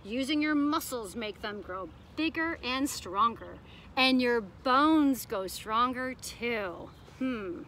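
A woman's voice: a little high, animated, takes it slowly, sharp tone, slight background noise. A woman preschool teacher reading a picture book aloud to young children, asking them questions in a sing-song way.

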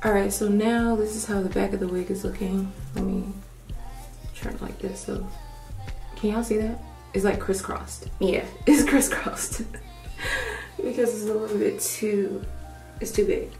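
A young woman vlogging a hair tutorial at home in a casual chat, thinking out loud and rambling, with her morning voice still on. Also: mid-range voice, flat delivery, normal speed, recorded from a distance. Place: room at home. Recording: echoey room, off-mic, faint music.

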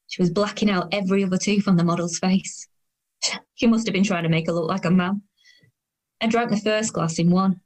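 This first-person audio drama narration features an actress in her 30s voicing a dry, weary, self-conscious woman of thirty-two, quietly sardonic in her inner voice. Her pitch is fairly low and her natural voice a little mellow.

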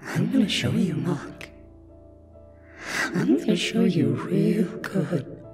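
A man's voice: high-pitched, expressive, takes it slowly, music in the background, pitched above the performer's own voice, full character voice. A possessed little girl, vengeful and raised, as a man puts her on. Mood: vengeful menace. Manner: pleading, then snarling taunts. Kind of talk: scripted horror story reading.

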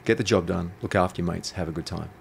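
Low-voiced and fast-talking with vocal fry, this man is an interview guest who works as an intuitive coach. His storytelling is blunt, provocative, and full of swearing, over a faint hiss or hum.

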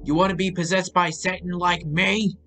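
A man voicing a possessed, demonic old man who yells in fury at a boy. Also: on the high side, animated, very slow, pitched above the performer's own voice, exaggerated voice. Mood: raging. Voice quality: yelling, distorted.

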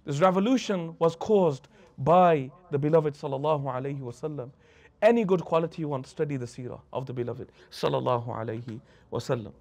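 A man's voice: fairly high pitch, brisk, a little mellow. A man teaching a religious lesson who tells stories, acts out the anecdotes and mixes Arabic phrases into his English. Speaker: Islamic teacher.

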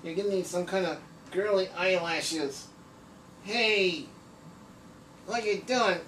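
A man's voice: sits high, slow, a bit bright, slight background noise, voice pushed up. A man voicing a cheeky, dumb-looking male face drawn on a chalkboard, wisecracking and indignant, recorded in an echoey room from a distance.

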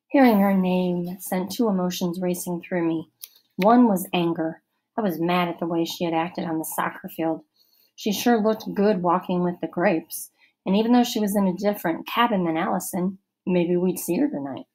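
A woman reading a children's novel aloud as a first-person narrator, steady and expressive. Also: on the low side, normal speed, poor audio. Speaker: audiobook narrator.

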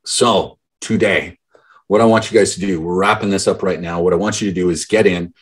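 In his thirties, this business mentor speaks in a deep voice with fairly even intonation and a slightly fast pace. He tells stories during a motivational talk to a group call, acting out the voices of the people he quotes.

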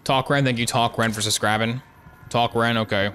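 A man commentating his own gameplay on a live stream, cracking jokes and taunting enemies. His voice is bright and forward, with a faint hum of noise underneath. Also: on the low side, animated, a little fast. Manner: joking, playful banter at the game. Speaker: gaming streamer.

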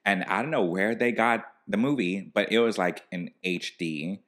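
A man's voice: fairly low pitch, normal speed, a bit bright. A man talking casually as a podcast guest, chatty and full of "like" and "um". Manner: chatty, filler-heavy with "like" and "um". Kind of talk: casual chat.

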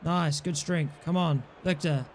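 A man's voice: a little high, steady tone, measured pace, a little hiss or hum. A young man playing a football video game and commentating, frustrated and swearing at his players. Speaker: gaming YouTuber.

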